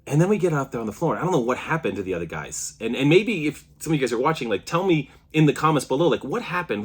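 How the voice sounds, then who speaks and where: A man in his thirties telling a story to camera in a casual, animated way, often restarting his sentences. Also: lowish voice, husky. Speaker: CrossFit athlete vlogger.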